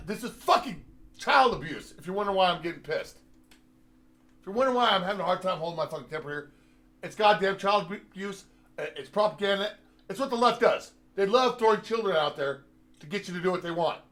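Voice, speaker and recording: A man's voice: high-pitched, expressive, a little fast, fairly bright tone. A man on a heated, profane political rant, sarcastic and rambling, with many filler sounds as he talks. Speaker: host.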